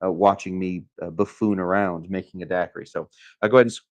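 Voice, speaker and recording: A man's voice: sits low, fairly even intonation, quick pace. A man from Arizona hosting a casual live cocktail demo from a hotel room, talking in a rambling, chatty way with many fillers. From Arizona, USA. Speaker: cocktail channel host.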